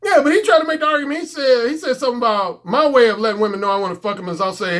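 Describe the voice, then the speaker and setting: A man's voice: very high voice, rapid-fire, few pauses, fairly bright tone. A middle-aged man, a dating coach, talking bluntly and profanely in a casual unscripted monologue.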